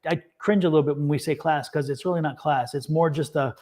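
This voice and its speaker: Fairly high in pitch and a little mellow, the man's voice holds a steady tone while he talks fast. He's a tarot reader and co-host running a live reading session, chatting loosely with viewers, laughing often and repeating his points.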